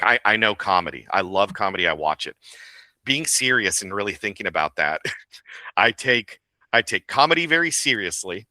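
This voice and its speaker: In a casual interview, a voice actor and director discusses his craft in a very low voice that still sounds bright and forceful. He is animated, laughs readily, and speaks at a normal speed, with a close mic giving a dry recording.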